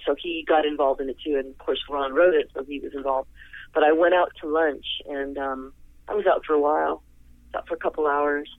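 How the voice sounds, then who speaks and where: A fairly high-voiced man telling a rambling story over the phone. His voice is thin and tinny, like a phone line, and it sounds dry and close. He talks in an animated way, jumping in pitch when he acts out his own reactions. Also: dry recording. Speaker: interview guest, singer. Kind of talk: casual storytelling.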